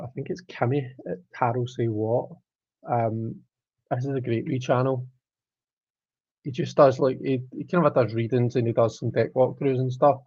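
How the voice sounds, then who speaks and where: A man's voice: mid-range voice, darkish tone, no echo. A man in his thirties hosting a casual tarot live stream, chatting in a rambling way and reading viewer comments aloud. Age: 30s. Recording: dull lo-fi stream audio.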